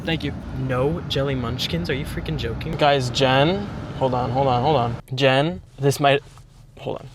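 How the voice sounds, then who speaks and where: A man's voice: mid-range voice, normal speed, background noise. A young man vlogging from his car, telling stories in a chatty, dramatic, campy way. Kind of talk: casual storytelling vlog.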